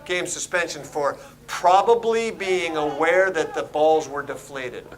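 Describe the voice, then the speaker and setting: A man's voice: fairly high pitch, unhurried, rough recording. A man calling play-by-play at a local lacrosse game, giving goal times and trading wry remarks. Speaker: play-by-play announcer. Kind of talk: play-by-play and booth chat.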